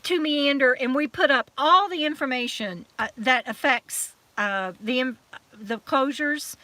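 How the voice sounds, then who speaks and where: A woman hosting a live stream chat, warmly thanking viewers by name and trailing off with fillers as she signs off, still a little emotional from crying. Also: high-pitched, measured pace, no echo. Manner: chatty and affectionate, reading out viewer comments with many fillers.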